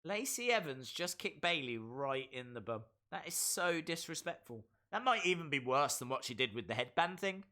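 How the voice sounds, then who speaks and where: A man giving excitable live play-by-play reactions to a wrestling match, bursting into shouts at big moments. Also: medium pitch, moderate pace. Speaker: wrestling stream host.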